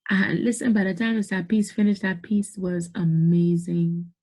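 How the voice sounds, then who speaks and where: A woman's voice: fairly low pitch, level tone, normal speed, a little mellow. A middle-aged woman, giving emphatic motivational business advice to camera and repeating points for stress. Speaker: business coach.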